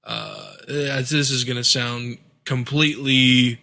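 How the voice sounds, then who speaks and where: Rambling man with a bright voice. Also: mid-range voice, takes it slowly, vocal fry. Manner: rambling, hesitant, loses his train of thought. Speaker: podcast co-host. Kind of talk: casual chat.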